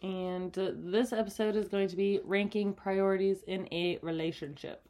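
A woman's voice: mid-range voice, steady tone, moderate pace, a little mellow. A woman co-hosting a casual couple's podcast, chatty and giggly with lots of fillers. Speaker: podcast co-host.

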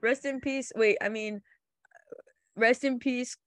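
Young woman podcast co-host, slightly high voice, deadpan teasing, casual. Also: slow. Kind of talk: casual chat. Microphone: video call.

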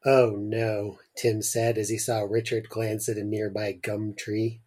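Young male podcast host, reads aloud slowly with deadpan humor. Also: lowish voice, slightly rough. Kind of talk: casual chat and story reading. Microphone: remote call mic.

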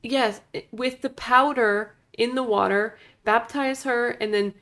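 A woman's voice: fairly high pitch, steady tone, measured pace, a bit bright. A woman co-hosting a casual movie review chat, exasperated and full of "like". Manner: exasperated, lots of "like". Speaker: podcast co-host.

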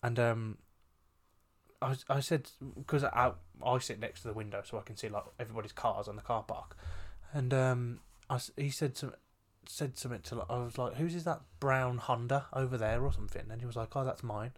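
A young man, co-hosting a casual podcast chat, frank and quick-witted, laughing often. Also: mid-range voice, fairly even intonation. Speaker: podcast co-host.

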